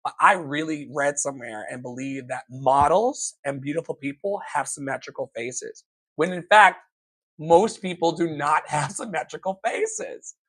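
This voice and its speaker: A man in his thirties gives a motivational talk in a slightly high, husky voice, preaching with emphasis at a moderate pace. His speech builds to sudden loud exclamations and carries a light flavor of accent.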